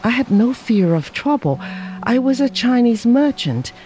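A man voicing a calm, dignified Chinese merchant father who speaks solemnly and in measured words. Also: very high-pitched, voice pushed up.

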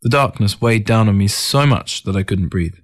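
Calm, lowish man narrating a story. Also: normal speed. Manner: calm, reflective first-person storytelling. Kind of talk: audiobook narration.

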